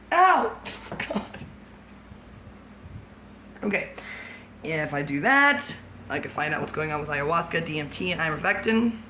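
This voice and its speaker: Woman vlogging, kinda low voice, rambly stream of thought, noisy background. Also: pushed and bright. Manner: free-associating, jumpy, laughs often. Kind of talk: rambling monologue. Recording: background noise.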